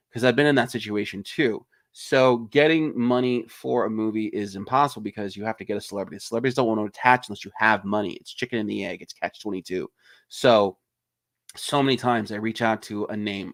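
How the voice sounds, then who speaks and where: Guy ranting casually about movies, swears a lot, jumps into shouty quoted bits, dry mic. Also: fairly low pitch, no echo. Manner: ranting, profane, animated; acts out quoted lines in a raised voice. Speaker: indie filmmaker. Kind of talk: casual livestream chat.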